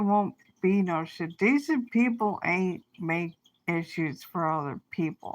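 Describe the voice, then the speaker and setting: A woman rants furiously on her stream, swearing heavily, losing her thread and starting over again and again. Her voice is on the low side, and she speaks slowly with few pauses.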